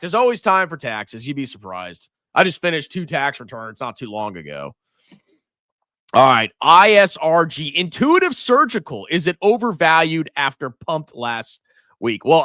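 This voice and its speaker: Man, livestream finance host, ranting, mocking, very lively pitch, dry close mic. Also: dry recording. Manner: animated, ranting, mocking, swings between loud outbursts and muttering. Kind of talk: livestream rant and stock commentary.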